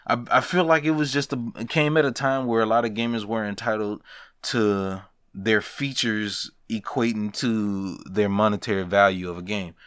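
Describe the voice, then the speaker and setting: Young man, podcast host, casual rant, profane, animated, bright tense voice, dry close recording. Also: fairly low pitch, normal speed, clean tone, no room sound. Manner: profane, animated, laughing asides. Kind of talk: casual gaming news rant.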